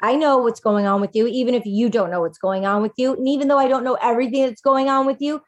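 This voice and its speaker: A woman life coach talking casually in a podcast conversation, animated and full of "like", acting out little quotes. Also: on the high side, quick pace. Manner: chatty, animated, acts out quotes, fillers of "like".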